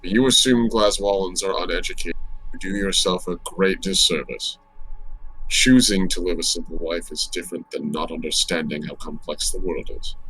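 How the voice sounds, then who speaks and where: A calm, learned stoneworker, played by a man in a tabletop game, speaks in a measured and quietly proud way. His voice is very low and deep. Faint music sits behind him. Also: husky, low-quality recording.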